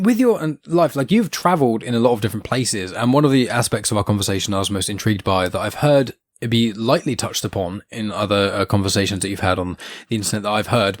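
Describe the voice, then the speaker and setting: A man's voice: lowish voice, no echo, studio quality. A male podcast host asking long, rambling, curious questions in a casual interview.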